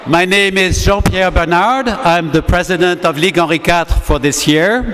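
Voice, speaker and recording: Club president guy doing a formal welcome at a banquet, slightly high voice, long hall echo. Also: fairly bright tone, slight background noise. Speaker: league president.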